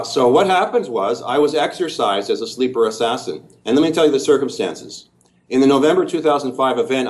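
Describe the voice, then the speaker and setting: A Canadian man giving a long, detailed, earnest first-person account in an interview. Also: medium pitch. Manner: earnest, detailed, methodical storytelling.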